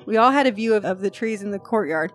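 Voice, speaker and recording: A woman's voice: medium pitch, lively intonation, fast talker. A woman hosting a podcast in casual chat, reading a post aloud with chatty, freely swearing asides. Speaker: podcast host.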